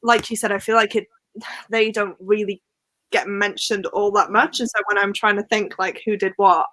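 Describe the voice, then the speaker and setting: A woman's voice: mid-range voice, fairly even intonation, moderate pace, fairly bright tone, dry recording. A young woman with a Welsh accent, chatting casually about a book, often laughing and acting out reactions. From Wales. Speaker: book club host.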